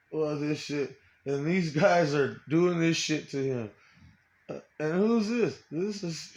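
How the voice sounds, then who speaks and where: A man in a rambling personal monologue, swearing often, stopping and restarting, and trailing off quietly. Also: a little high, muffled recording. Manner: profane, halting, trails off quietly.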